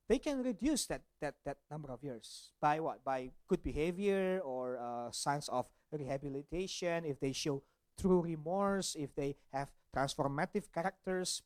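A man's voice: on the high side, no room sound. A man preaching a sermon as a pastor, with rhetorical questions and frequent restarts.

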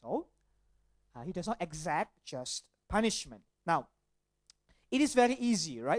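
A man's voice: sits high, big pitch swings, moderate pace, no room sound. A man preaching a sermon as a pastor, with rhetorical questions and frequent restarts.

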